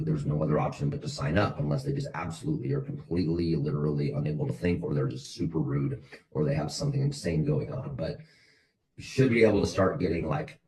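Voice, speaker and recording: Blunt low-voiced man coaching salespeople. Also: poor audio. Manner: blunt, motivational, repetitive. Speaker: sales team leader.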